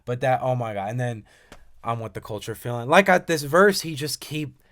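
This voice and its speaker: A young man giving casual, excitable commentary, often swearing and swinging from loud bursts to quiet mumbles. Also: medium pitch, moderate pace. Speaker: commentator reacting to music. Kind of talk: casual commentary reading lyrics aloud.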